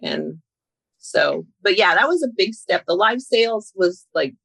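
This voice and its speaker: A woman's voice: medium pitch, expressive, a little slow, creaky, fairly bright tone, breathy edge, no echo, poor audio. A woman guest on a podcast, talking candidly and with self-deprecating laughs. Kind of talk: casual conversation.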